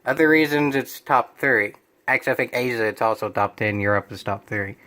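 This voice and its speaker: A man's voice: mid-range voice, fairly quick, bright, forceful tone. A young man reading a web page aloud and commenting on it in a sarcastic, exasperated, rambling way. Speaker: gaming video creator.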